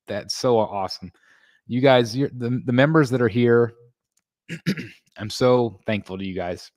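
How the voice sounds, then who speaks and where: A man's voice: mid-range voice, darkish tone, no room sound, clean studio sound. A man hosting a casual collectors' livestream, reading chat messages and answering in a rambling way with many ums and restarts. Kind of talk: casual live-stream chat.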